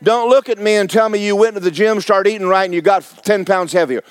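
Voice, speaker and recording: A man's voice: high-pitched, fast talker, smooth, no room sound. A man preaching a sermon, folksy and fiery, repeating phrases for emphasis. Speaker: pastor.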